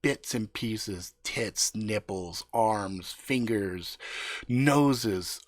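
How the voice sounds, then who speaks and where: A man's voice: fairly low pitch, drawn-out words, no echo, clean studio sound. A man improvising a profane story live on stream, dropping laughing asides. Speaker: livestream storyteller.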